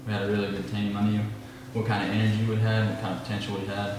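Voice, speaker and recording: A teenage football player answers an interview question plainly and steadily. His voice is low and flat. The sound is distant and noisy, with a long hall echo. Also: very fast. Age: teens. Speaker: high school football player.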